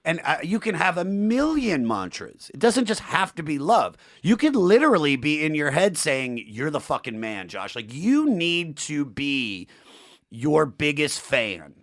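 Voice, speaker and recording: A man's voice: a little high, sing-song, measured pace. A young man co-hosting a podcast, talking in an earnest, motivational way with emphatic repetition. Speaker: podcast co-host. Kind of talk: casual podcast chat.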